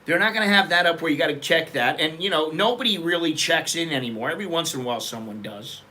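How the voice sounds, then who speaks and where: A man's voice: a little high, fast, pushed and bright, slight background noise. A middle-aged American man hosting a casual, rambling chat, talking frankly and loosely. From United States. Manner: digressive, loose, frank talk with frequent restarts. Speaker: host.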